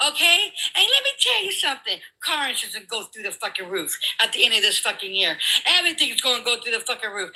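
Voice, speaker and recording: A woman's voice: fairly high pitch, bright, forceful tone, low-quality recording. A woman in a heated political argument, ranting with lots of profanity. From California.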